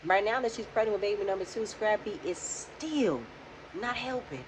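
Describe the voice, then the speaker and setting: A woman's voice: medium pitch, expressive, moderate pace, background noise. A young woman casually recapping a reality show for her vlog, chatty and talking straight back to the people on screen. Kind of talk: casual reaction commentary.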